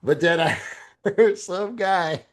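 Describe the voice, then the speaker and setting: A man's voice: high voice, slow. A man co-hosting a podcast, telling a story in casual chat, swearing freely and acting out the people he quotes. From lives in LA. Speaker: podcast co-host.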